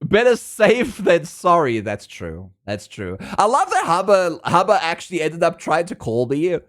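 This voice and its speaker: Giggly South African man, lively voice. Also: a little high, normal speed. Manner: chatty and giggly, laughs often, playful. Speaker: streamer. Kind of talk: casual chat with a live stream audience.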